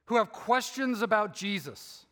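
Impassioned high-voiced male pastor. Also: expressive, a little slow, pushed and bright, in a large hall. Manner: impassioned, emphatic preaching with repetitions. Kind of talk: sermon.

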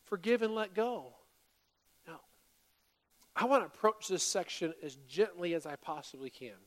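A man delivers a sermon from the pulpit of a church, his voice sitting high for a man. He moves between plain teaching and animated, louder acted-out apologies as he makes his points. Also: normal speed, in a large hall. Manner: animated, acts out quoted apologies in a raised voice. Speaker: pastor. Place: church sanctuary.

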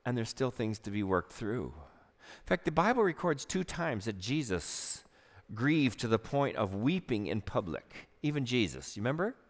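A man preaching a sermon, telling stories earnestly, moving between loud and hushed delivery. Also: mid-range voice, sing-song, moderate pace. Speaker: pastor. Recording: long hall reverb.

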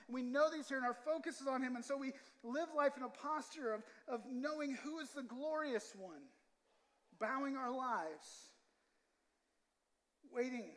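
High-voiced preacher in a reverberant hall. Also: male voice, normal speed, a bit bright. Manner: conversational, repeats words, asks the room "right?". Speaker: pastor. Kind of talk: sermon. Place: church sanctuary.

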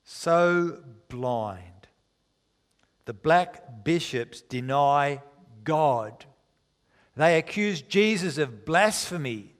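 With lively intonation and a voice a bit above the usual male range, a man preaches a dramatic sermon, slowing for emphasis and reading from scripture. His speech echoes with a long reverb, like in a big hall.

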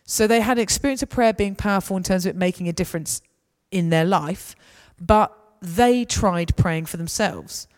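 Woman, conversational talk, animated storytelling, echoing hall. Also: lowish voice, normal speed, few pauses. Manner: conversational, lively and anecdotal. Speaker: speaker. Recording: reverberant hall.

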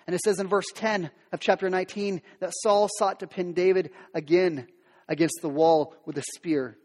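A man's voice: high-pitched, fairly even intonation, normal speed, darkish tone, long reverb tail. A male preacher retelling a Bible story in a conversational sermon, with modern asides.

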